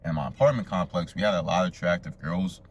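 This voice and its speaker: A man's voice: low-pitched, quick pace, slight background noise. A young man casually telling a profane, slangy story straight to his viewers as a vlogger.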